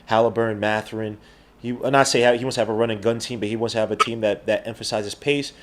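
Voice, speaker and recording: A man's voice: level tone, fast, background noise. Slangy New man hosting a podcast. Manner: slangy and rambling, swinging between loud outbursts and low mutters. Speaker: podcast host. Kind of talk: casual live-stream chat.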